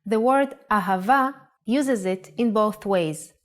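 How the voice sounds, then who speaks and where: Teacher woman. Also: medium pitch. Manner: clear, slow spelling-out of sounds. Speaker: Hebrew language teacher. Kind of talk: scripted lesson narration.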